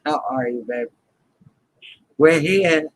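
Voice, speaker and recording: A man's voice: a little high, slow pace, dry recording, low-quality recording. A man hosting a casual live stream, chatting playfully with viewers, greeting them by name and laughing often.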